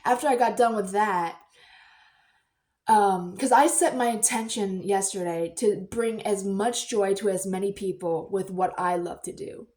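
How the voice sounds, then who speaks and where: A woman vlogger telling a personal story in a chatty, rambling way, breaking into loud excited bursts. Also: mid-range voice, measured pace.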